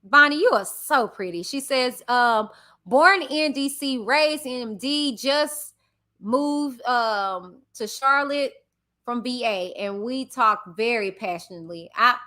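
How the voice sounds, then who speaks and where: A woman from Texas with a Southern accent, hosting a livestream and reading viewer comments aloud in a loud, passionate, chatty way. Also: fairly high pitch, lively intonation, slow. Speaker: livestream host reading chat. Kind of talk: casual chat with viewers.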